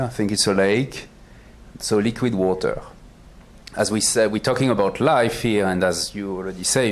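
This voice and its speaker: A man with a French accent and a cold, giving a public science talk as a planetary astronomer, halting with fillers and joking about himself. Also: fairly low pitch. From France. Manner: self-deprecating, halting with many fillers. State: has a cold, voice worn. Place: auditorium stage.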